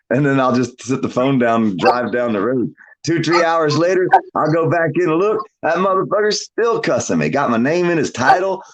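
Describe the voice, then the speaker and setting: Brief: swaggering, foul-mouthed male storyteller, casual chat, pitch rises and falls a lot. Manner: profane, boastful storyteller who laughs often; lively, swinging delivery.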